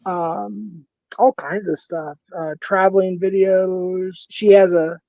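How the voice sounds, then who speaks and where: A man's voice: high-pitched, fairly even intonation, slow, gravelly, mellow, no echo. A man in his fifties with a Minnesota accent, hosting a casual livestream panel in a blunt, heated way and swearing freely. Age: 50s.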